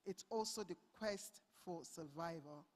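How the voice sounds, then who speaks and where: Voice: mid-range voice, a little slow. Moderator introducing speakers in an echoing hall. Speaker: conference moderator. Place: large conference hall. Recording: long hall reverb.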